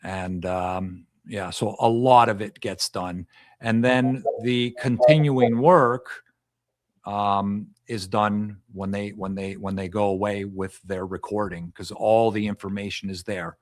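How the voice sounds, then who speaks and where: Speaking slowly in a steady voice on the low side, a man who does past life regression hypnosis answers podcast questions at length, often restarting and repeating his phrases. The recording is dry and studio quality.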